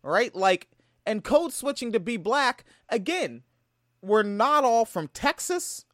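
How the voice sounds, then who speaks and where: A man's voice: high-pitched, sing-song, slow pace, a bit bright, no room sound, clean studio sound. A man from Tacoma giving a profane, heated reaction commentary. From Tacoma, Washington. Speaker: video commentator.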